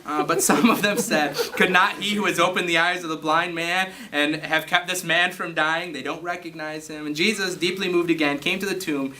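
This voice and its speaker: A man's voice: fairly high pitch, steady tone, normal speed, hardly any pauses, pushed and bright. A man preaching a casual sermon, reading scripture and joking before building to passionate emphasis. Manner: jokey asides, rising to passionate emphasis. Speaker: pastor.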